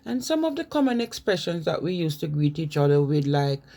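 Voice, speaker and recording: A woman's voice: low-pitched, sing-song, brisk, dark tone. A woman from Jamaica with a Jamaican accent, giving an informal spoken lecture, conversational and reading from notes with frequent fillers. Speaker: presenter on language.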